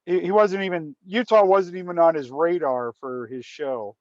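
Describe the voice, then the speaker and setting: A man's voice: fairly high pitch, steady tone, moderate pace, darkish tone, no room sound, dull audio. A man telling a story in casual conversation, often restarting and repeating words. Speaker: guest storyteller.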